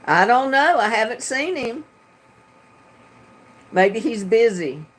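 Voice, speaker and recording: This woman's voice is fairly high, very animated and slow. Reading comments on her livestream from home in North Carolina, she chats casually with a Southern drawl and laughs often, recorded on a computer webcam mic.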